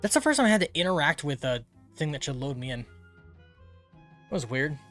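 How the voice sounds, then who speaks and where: A man chats his way through a game stream in a rambling, casual way, his voice sitting a bit high. He wanders between thoughts while playing. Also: big pitch swings, brisk, fairly bright tone, soft background music. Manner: rambling, many fillers, chatty. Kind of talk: casual gameplay commentary.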